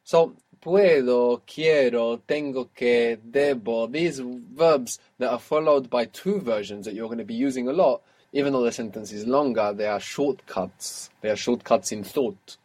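A man's voice: mid-range voice, a little slow, few pauses, a little mellow. A patient male teacher leads a student through a spoken language lesson. He asks short questions, waits for answers and praises each one before moving on. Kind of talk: guided audio language lesson.

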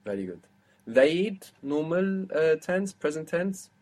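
A man's voice: fairly high pitch, very animated, a little slow, a little mellow. Guy teaching a language class, patient, walks through it step by step and quizzes the student. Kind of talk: spoken language lesson with a student.

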